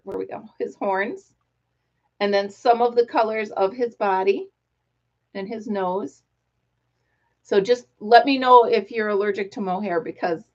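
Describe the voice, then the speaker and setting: Woman, middle-aged, livestream host, gushing storyteller, slightly high pitch, dull audio. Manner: excitable, gushing, tells stories with quoted voices. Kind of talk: casual live-stream chat. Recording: dull lo-fi live-stream audio.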